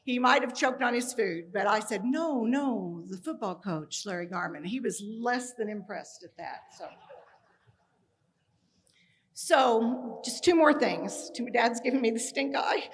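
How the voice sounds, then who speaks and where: A woman's voice: fairly high pitch, expressive, unhurried. A middle-aged woman from Kansas giving a personal tribute speech, full of humorous stories with acted-out dialogue. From Kansas, USA. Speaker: speaker at a tribute ceremony.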